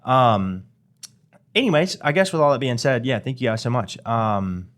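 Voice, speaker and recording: A man's voice: medium pitch, moderate pace. A man co-hosting a dog training podcast, chatting casually and rambling with lots of fillers. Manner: relaxed, rambling with many fillers. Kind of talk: casual chat.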